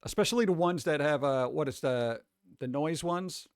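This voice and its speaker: A man riffs casually on a live stream, his voice sitting slightly high. He rambles, swears freely and restarts his sentences. The close mic sounds dry, with no room around it. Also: moderate pace, no room sound. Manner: loose, profane, rambling with restarts. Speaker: streamer reacting to reader posts.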